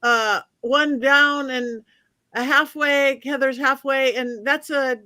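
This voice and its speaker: A woman hosting a podcast panel over a video call, brisk and upbeat as she keeps the show moving and runs the vote. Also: sits high, fairly even intonation, bright, forceful tone, dry recording. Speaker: podcast host. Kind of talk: casual panel chat, running the vote.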